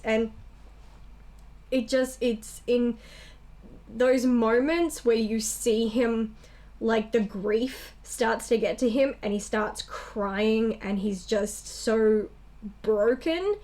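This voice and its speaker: A young woman co-hosting a casual movie review chat, animated and blunt, acting out characters' lines as she talks. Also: a little high, slow. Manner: animated, acts out characters' lines, swears freely. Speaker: co-host.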